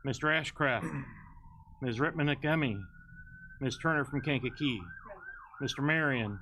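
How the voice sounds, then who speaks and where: A man's voice: mid-range voice, unhurried, sharp tone, a little hiss or hum. A man calling the roll at a county board meeting, reading each member's name in a sing-song way.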